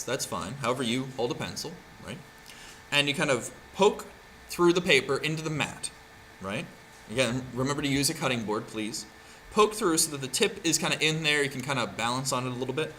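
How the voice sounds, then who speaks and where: A man's voice: mid-range voice, bright, forceful tone, a little hiss or hum. A man teaching a craft class in a casual, chatty way, often checking in with "right?" as he demonstrates. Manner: chatty, keeps asking "right?". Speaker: art teacher.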